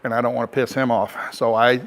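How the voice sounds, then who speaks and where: A man's voice: mid-range voice, level tone, quick pace. A middle-aged American man, a truck driver, telling a rambling, frank story to camera in a casual way.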